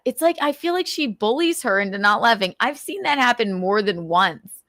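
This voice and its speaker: A woman's voice: medium pitch, very animated, moderate pace, a bit bright, no echo, clean studio sound. A woman hosting a casual livestream, rambling and gossiping, swearing freely as she vents. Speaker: livestream host.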